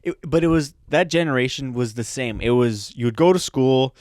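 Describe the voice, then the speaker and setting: A man's voice: mid-range voice, fairly quick, darkish tone, no echo, clean studio sound. A young man co-hosting a comedy podcast, telling stories with acted-out quotes and plenty of swearing. He speaks English with a Canadian accent. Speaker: podcast co-host. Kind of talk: casual comedy podcast chat.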